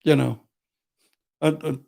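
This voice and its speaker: Appearing as a guest, this older criminal defense attorney speaks slowly in a rough, gravelly voice pitched a bit higher than most men's, with a darkish tone and fairly even intonation. He tells blunt, profane tough-guy stories casually, acting out what people said to him.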